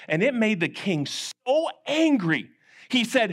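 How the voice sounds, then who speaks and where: A man with a high voice leads a children's service in church. He tells the story in an animated way, swinging his pitch wide as he acts out each character's lines. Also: slow pace. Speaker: children's pastor.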